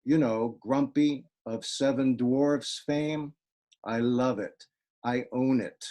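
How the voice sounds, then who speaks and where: A man reading his own poems aloud over a video call, with a dry, wry deadpan delivery. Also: mid-range voice, slow pace. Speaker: poet reading his work.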